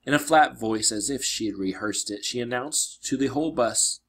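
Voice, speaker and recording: A man reading a children's adventure novel aloud, narrating expressively with dramatic slowdowns. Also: mid-range voice, fairly bright tone, husky. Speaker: reader. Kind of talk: storybook read-aloud.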